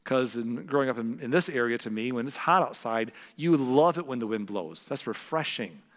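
A man's voice: medium pitch, animated, moderate pace, big-room sound. A man from the American Midwest preaching a conversational sermon, acting out quotes with big jumps in his voice. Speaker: pastor.

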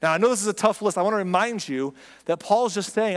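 A man's voice: sits high, fast talker. A man preaching a sermon in a conversational way, often acting out imagined speakers. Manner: conversational, acts out quoted voices. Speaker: pastor. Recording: long hall reverb.

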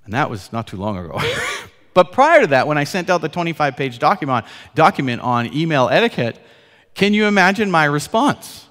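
A man in his forties preaching a sermon as pastor, telling stories with laughs and swinging from loud to soft. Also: medium pitch, expressive, fairly quick. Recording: long hall reverb.

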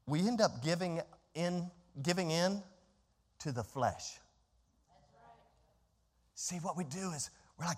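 A man preaching a sermon as pastor, swinging between soft asides and loud emphatic lines, sometimes acting out the inner complaints of his listeners. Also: sits high, long reverb tail. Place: church sanctuary.

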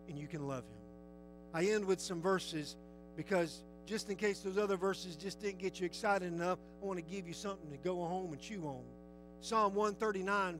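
A man preaching a sermon, earnest and folksy, who slows down to read scripture aloud. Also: high-pitched, fairly bright tone, low-quality recording. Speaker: pastor.

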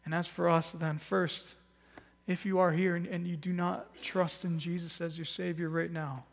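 A man's voice: fairly high pitch, little pitch movement, moderate pace, creaky. A man preaching a Good Friday sermon as pastor, earnest and emphatic, pressing harder on key phrases. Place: church hall. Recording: long reverb of a church hall.

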